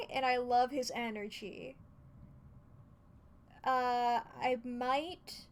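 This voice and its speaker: A woman streamer chatting casually while she plays, excitable, laughing often and swearing freely. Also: high voice. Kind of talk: casual gaming commentary.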